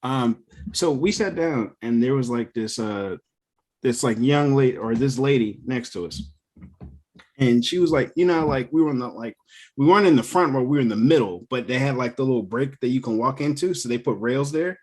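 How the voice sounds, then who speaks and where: Young male co-host, casual chat, animated, profane, laughs often. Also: mid-range voice, moderate pace. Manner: animated storyteller, swears freely, laughs often. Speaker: podcast co-host.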